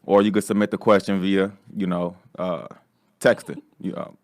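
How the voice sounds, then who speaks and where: A man's voice: deep voice, little pitch movement, moderate pace, no room sound, studio quality. A man co-hosting a comedy podcast, talking in a laid-back, slangy way. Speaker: podcast co-host. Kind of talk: casual comedic chat.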